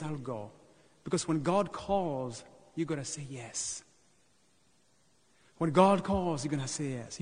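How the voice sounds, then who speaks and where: Kenyan man preaching in a reverberant church. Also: high-pitched. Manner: animated testimony, calls to the congregation. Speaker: parish mission speaker. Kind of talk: sermon storytelling.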